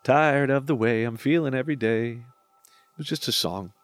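A man's voice: medium pitch, normal speed, faint music behind. A man in his forties talking through his own songs in a reflective podcast monologue, candid and self-deprecating, with casual swearing. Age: 40s.

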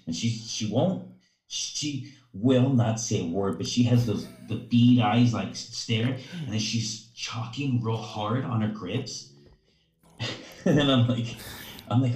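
A man's voice: mid-range voice, moderate pace, a little mellow, roomy sound. A man who coaches gymnastics, telling a story in casual chat, rambling with many fillers and acting out quotes. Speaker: gymnastics coach, podcast co-host.

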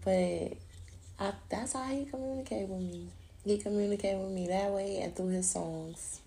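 Gravelly woman rambling in casual chat. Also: medium pitch, moderate pace, warm tone. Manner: rambling, profane, laughing often. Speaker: podcast host.

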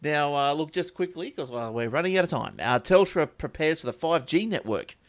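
A man hosting a casual chat show, rambling and lively. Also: a little high. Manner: rambling, animated, quick asides. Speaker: podcast host.

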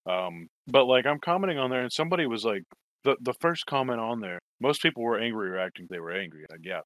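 A man's voice: mid-range voice, animated, fast talker, fairly bright tone, dry recording. A man telling a long story in casual chat, swearing and rambling, acting out quoted lines. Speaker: toy collector telling a story.

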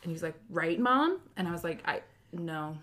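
A woman in her thirties with a slightly low voice tells stories in a relaxed conversation. She acts out what people said and keeps an animated, playful energy. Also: fast. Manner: animated storyteller, acts out quotes. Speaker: podcast co-host. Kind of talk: casual chat, storytelling.

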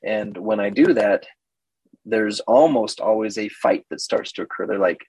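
A man's voice: fairly low pitch, moderate pace, darkish tone, breathy edge, dry recording, low-quality recording. A man in his fifties, a therapist, giving a teaching talk and animatedly acting out quoted exchanges. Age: 50s. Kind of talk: teaching talk with acted-out dialogues.

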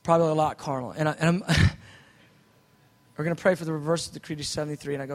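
A man preaching a sermon, telling his story with animated swings from soft asides to loud outbursts. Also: fairly high pitch, quick pace. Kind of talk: sermon testimony. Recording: long hall reverb.

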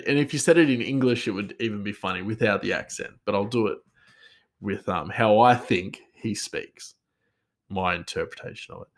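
A man, a chef, telling a story in a rambling, casual way and chuckling often. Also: fairly low pitch.

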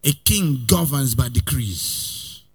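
A male pastor preaching a sermon, swinging between loud outbursts and quiet asides, sometimes in a sing-song cadence and calling on his listeners to repeat after him. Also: medium pitch, animated, takes it slowly, husky. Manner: calls the congregation to repeat lines after him.

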